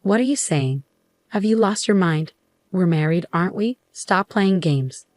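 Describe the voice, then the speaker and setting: Scornful bossy husband, grown man, storybook reading, woman narrator voicing him, dry close sound, lowish voice. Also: animated, measured pace, a little mellow, dry recording. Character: angry condescending husband, adult man.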